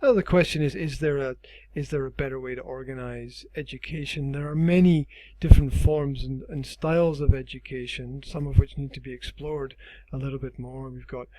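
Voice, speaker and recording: A man's voice: medium pitch, fairly even intonation, normal speed, hardly any pauses, mellow, dry recording, poor audio. A man interviewing a student as her teacher, thinking aloud and repeating words while he talks, his voice wearing out. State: losing his voice. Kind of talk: casual interview.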